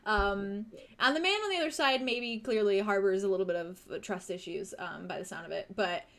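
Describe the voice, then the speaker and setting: A young woman runs a tabletop game, painting each scene in unhurried detail. Her voice sits at an ordinary middle pitch. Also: a bit bright. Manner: unhurried, vivid scene-setting. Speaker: game master.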